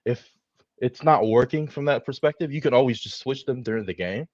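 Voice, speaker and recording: A man calling into a football show, talking in a rambling, hedging, relaxed way. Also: medium pitch, fairly quick, dry recording. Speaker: caller. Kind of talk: casual football call-in. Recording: dull lo-fi call line.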